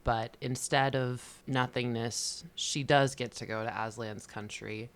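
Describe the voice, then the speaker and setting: A man's voice: mid-range voice, fairly even intonation, measured pace, smooth. Man chatting on a book podcast, rambling. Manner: emotional, gets choked up while retelling; rambling, many restarts and fillers. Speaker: podcast co-host. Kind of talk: casual book podcast chat.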